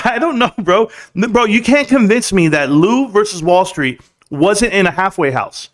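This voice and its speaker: A man's voice: high voice, lively intonation, unhurried. A young man hosting a casual livestream, joking crudely, laughing often and calling people bro. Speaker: livestream host.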